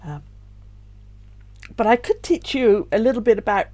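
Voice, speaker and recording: A middle-aged woman, tearful, talking softly and reflectively to camera in a personal vlog as a self-published author. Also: fairly high pitch, lively intonation, moderate pace. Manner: soft, reflective, with sighs and little laughs.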